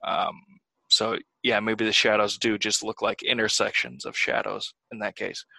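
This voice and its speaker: A man co-hosting a casual group podcast chat, explaining ideas in a measured, methodical way. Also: on the low side, level tone, creaky, bright, forceful tone, no echo, rough recording.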